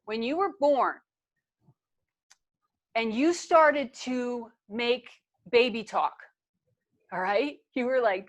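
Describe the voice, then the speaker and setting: On the high side, she takes things slowly and pauses often. This woman, a guest trainer, leads a casual video-call training in an earnest, conversational manner, repeating herself and restarting her sentences.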